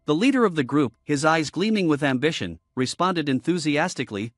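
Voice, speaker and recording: A man's voice: on the high side, brisk, hardly any pauses, no room sound, clean studio sound. A man narrating a comic recap in a scripted voice, reading every character himself. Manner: reads all characters in one steady narrating voice.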